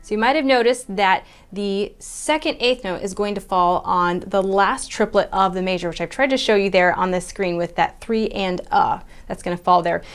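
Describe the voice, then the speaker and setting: A woman's voice: mid-range voice, normal speed, hardly any pauses, clear, resonant tone. A woman piano teacher explaining rhythm and theory step by step, patient and methodical, counting beats aloud at the piano. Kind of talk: step-by-step music lesson.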